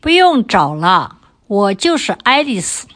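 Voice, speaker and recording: An older woman, the host's mother and a grandmother, who reads example sentences for a language lesson in a clear, careful voice. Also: medium pitch, big pitch swings, slow pace, a bit bright. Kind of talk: slow, clear example reading.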